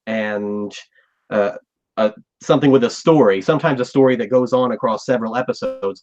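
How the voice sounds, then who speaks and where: A man's voice: medium pitch, dull audio. A man hosting a live podcast chat, talking casually and thoughtfully. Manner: thoughtful, rambling with fillers. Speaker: podcast host.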